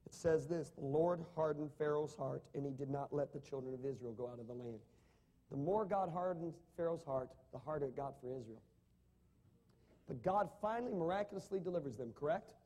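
A man's voice: fairly high pitch, brisk, mellow. A man preaching a sermon, asking the congregation rhetorical questions and reading scripture with rising emphasis. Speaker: pastor.

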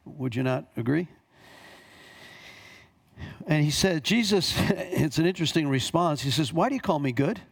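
A male pastor delivers a sermon in a slightly higher-than-usual voice. He reads scripture passages aloud and pauses to comment, repeating key phrases for emphasis. His pitch jumps on quoted lines. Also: expressive, gravelly, breathy edge.

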